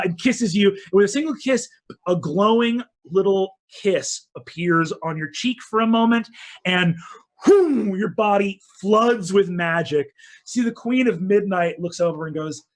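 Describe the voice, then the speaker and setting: A man running a tabletop fantasy game as dungeon master. He narrates slowly and expressively, with a voice a little higher than most men's. He brings scenes to life for the players. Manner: animated storyteller, voices characters.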